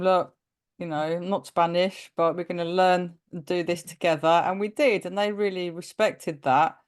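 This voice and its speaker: Woman, casual interview chat, lower-pitched voice, animated storyteller who acts out quotes. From of Greek descent. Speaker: guest teacher.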